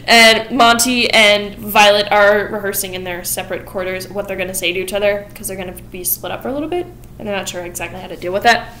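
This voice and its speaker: A young woman chats through a story at her own easy pace, dropping in quick asides and little giggles. Her voice sits at a middle pitch, with faint room noise behind it. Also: bright, forceful tone, low-quality recording. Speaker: vlogger summarizing a musical. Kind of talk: casual chat.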